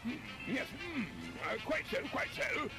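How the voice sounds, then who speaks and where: Fussy shopkeeper with a fake British accent, very high and swooping, game music behind. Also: male voice, wildly swooping pitch, a little slow, exaggerated voice. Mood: prim. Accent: put-on British. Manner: theatrical, fussy exclamations. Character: excitable male shopkeeper with fake British airs.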